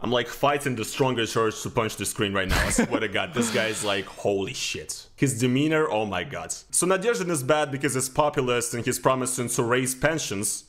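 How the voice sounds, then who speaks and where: A man reacting to videos as a streamer, exasperated and sarcastic, swearing often. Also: mid-range voice.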